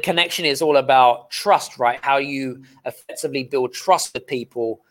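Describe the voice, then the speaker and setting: A man hosting an interview, emphatic, with halting "um" fillers. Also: mid-range voice, fairly bright tone. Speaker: host. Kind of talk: conversational interview.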